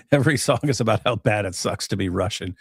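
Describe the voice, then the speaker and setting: A man's voice: lowish voice, wildly swooping pitch, moderate pace, vocal fry, slightly rough, no echo. A man co-hosting a livestream in casual chat, rambling and laughing at his own jokes. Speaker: co-host.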